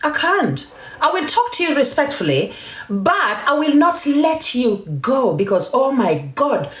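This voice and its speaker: A Kenyan-born woman hosts a heated live-stream rant, emphatic and defiant. Her somewhat high voice swings widely in pitch and bounces around an echoey room. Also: big pitch swings, measured pace, fairly bright tone. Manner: switches between English and Swahili, emphatic and defiant. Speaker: TikTok live host.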